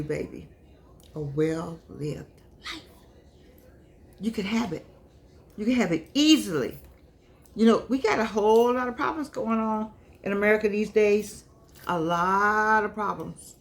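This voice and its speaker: An older woman talking straight to her viewers in a chatty monologue. Her voice sits at a middle pitch and is slightly unclear from missing teeth. She scolds freely, and her pitch jumps up high when she gets going. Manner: chatty, scolding, repeats herself, animated rises. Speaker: vlogger and author. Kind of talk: casual monologue to camera.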